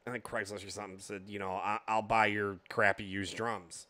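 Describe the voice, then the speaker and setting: A man in casual chat about drums, animated and chatty, often saying "man". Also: on the low side, brisk, dry recording.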